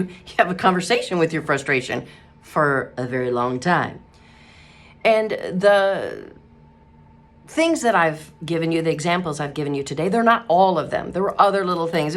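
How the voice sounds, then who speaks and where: A middle-aged woman giving a casual devotional talk, telling a story in a chatty way with laughter and acted-out quotes. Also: on the low side. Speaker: Christian radio host and ministry speaker.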